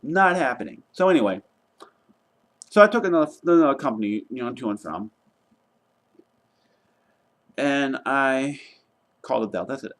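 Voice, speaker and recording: A young man vlogging casually, retelling a travel mishap in an exasperated, animated way and swearing now and then. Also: medium pitch, normal speed, long pauses. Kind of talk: casual travel vlog rant.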